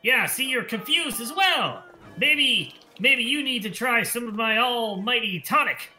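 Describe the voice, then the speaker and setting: A man voicing a loud, pushy male snake-oil peddler who hawks a cure-all tonic to a crowd. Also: lively intonation, unhurried, roomy sound, faint music behind, heavily acted. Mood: hawking, boastful. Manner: booming sales pitch, yelling to a crowd.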